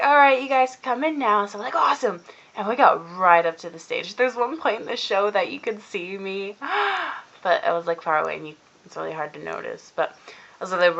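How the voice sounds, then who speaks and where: A teenage girl telling a long casual vlog story about her day, rambling and acting out what people said in animated voices. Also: lowish voice, dull audio. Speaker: vlogger. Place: indoors at home, cold room.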